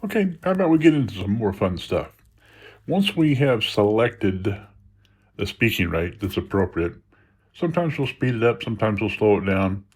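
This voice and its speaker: A man with a fairly low voice talks through phone settings one step at a time. His delivery is relaxed and conversational, with the odd restart as he explains. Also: husky. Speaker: video creator demonstrating phone settings. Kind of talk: casual screen-reader tutorial.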